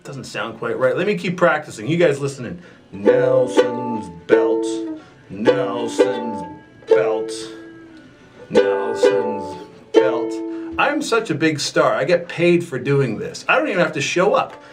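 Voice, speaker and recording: A comic performer doing a whiny, petulant rant as a wrestler, with slow repeated chanting and bits of singing. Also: male voice, fairly high pitch, sing-song, over loud music, rough recording. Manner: sings along to a ukulele. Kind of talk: comedy rant monologue. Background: faint ukulele.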